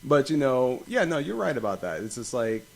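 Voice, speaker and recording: A young man hosting a casual podcast, rambling and swearing as he tells animated stories. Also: mid-range voice, normal speed, gravelly. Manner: profane, rambling, animated storytelling. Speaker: podcast host.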